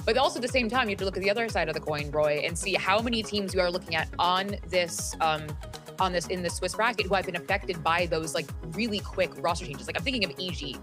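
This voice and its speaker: A woman's voice: on the low side, fast, music in the background. A woman hosting a live esports desk show in a bubbly, chatty way. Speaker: host.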